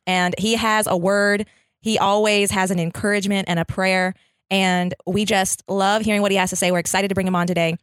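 A woman's voice: medium pitch, level tone, a little fast, smooth, no echo. A woman co-hosting a faith podcast, upbeat and affirming as she introduces a guest. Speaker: podcast co-host. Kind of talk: casual chat and host introduction.

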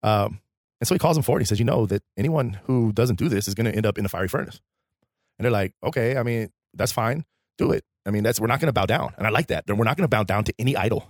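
Male co-host, faith podcast; animated preacher-like storytelling, quick delivery, dry sound. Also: lowish voice, dry recording.

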